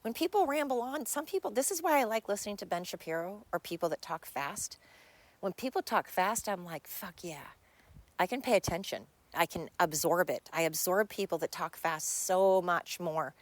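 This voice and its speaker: A woman's voice: fairly low pitch, no room sound. A woman hosting her own podcast, talking bluntly and candidly in a rambling solo monologue. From United States. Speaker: podcast host.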